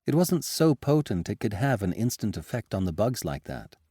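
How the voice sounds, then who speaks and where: Male narrator doing a composed woman doctor, mellow tone, careful delivery. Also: lowish voice, very animated, normal speed, husky, no echo, clean studio sound, exaggerated voice. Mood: firm. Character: female doctor, adult, earnest and composed.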